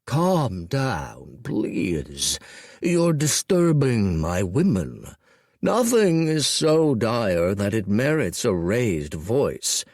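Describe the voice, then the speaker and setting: A man's voice: on the low side, very animated, very slow, darkish tone, dry recording, clean studio sound, heavily acted. A man voicing a lazy, smug male dragon lord who drawls his lines with condescension. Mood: drawling, smug.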